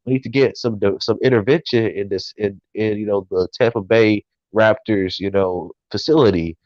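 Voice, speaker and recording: A man with a low voice who rambles through his points with stops and restarts. His sound is dull and lo-fi, as if it came over a remote line, and dry. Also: darkish tone, dry recording. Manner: rambling and halting, laughing often. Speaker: co-host. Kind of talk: casual sports talk.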